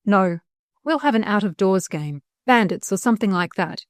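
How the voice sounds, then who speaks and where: A woman's voice: mid-range voice, animated, moderate pace, dry recording, clean studio sound, close to an everyday voice. A woman voicing a polite, scheming young schoolboy who talks earnestly and sweetly. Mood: wheedling.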